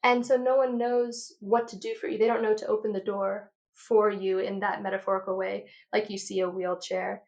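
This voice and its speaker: A woman in her thirties, an audiologist, talking passionately and quickly in an interview, a bit out of breath. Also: mid-range voice, level tone, a little mellow, muffled recording. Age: 30s. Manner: passionate, rapid lecturing. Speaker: audiologist guest. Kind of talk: enthusiastic interview talk.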